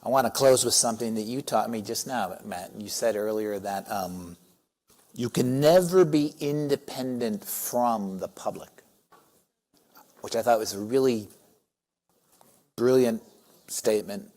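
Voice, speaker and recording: A man moderating a conference panel, giving reflective, measured closing remarks. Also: lowish voice, a little mellow. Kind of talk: panel discussion.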